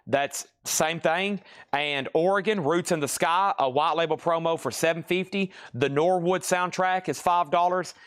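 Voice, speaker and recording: A tired man with a slightly high, somewhat bright, smooth voice sells records on a live stream from a record store. He rattles off items and prices auction-style with chatty asides, his voice growing worn.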